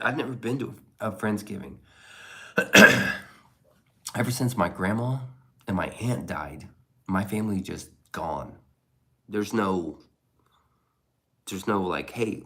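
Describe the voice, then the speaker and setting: Laid-back, low-voiced streamer man. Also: fairly bright tone. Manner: rambling, profane, laid-back. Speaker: live streamer reading chat. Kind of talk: casual chat.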